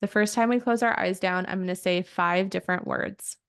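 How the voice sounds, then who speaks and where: Female coach, 30s, soft inviting meditation guide, smooth voice with a touch of fry, video-call audio. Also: on the low side, fairly even intonation. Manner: gentle, slow, inviting guidance. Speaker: coach leading a group call.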